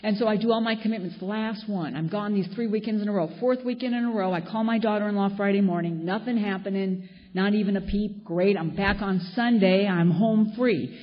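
Her voice medium in pitch and a little fast, an older Southern Californian woman speaks candidly and wryly about her life to a recovery meeting crowd. The recording is lo-fi and dull, with hall echo and faint noise.

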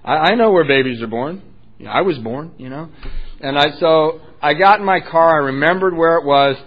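A man's voice: fairly high pitch, normal speed, lo-fi sound. A man candidly telling his own recovery story, self-deprecating and wryly funny. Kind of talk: personal storytelling talk.

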